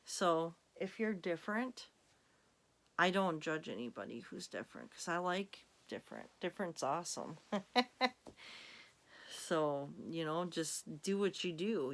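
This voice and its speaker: A woman's voice: low voice, animated, a little slow, a bit bright. A woman vlogger chatting casually to her camera in a rambling, giggly way.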